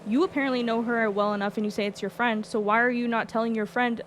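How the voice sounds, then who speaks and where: A woman with a fairly high voice tells a story in casual chat. She sounds animated and exasperated and swears often. Faint noise sits under her voice. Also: quick pace, hardly any pauses. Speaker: streamer recounting a roleplay.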